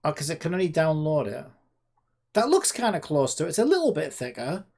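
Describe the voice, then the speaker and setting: A man's voice: fairly high pitch, very animated, fairly quick, creaky, darkish tone, slightly rough. A man chatting sarcastically to himself while developing a game. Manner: rambling, sarcastic, talks to himself. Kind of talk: casual screen-recorded dev vlog.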